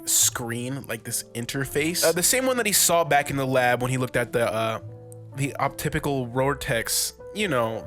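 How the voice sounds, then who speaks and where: A man's voice: medium pitch, sharp tone. A young man casually recapping a movie, loose and profane, with lots of fillers and chuckles.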